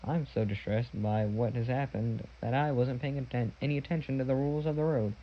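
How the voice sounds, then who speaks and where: A scheming, menacing villain who hisses his threats and turns smooth and falsely polite when watched, as a man reading a storybook puts him on. The voice stays at an ordinary middle pitch, and the recording sounds dull and lo-fi. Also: steady tone, brisk, lightly acted. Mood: falsely sorry. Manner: hissing threats, fake sorrowful politeness.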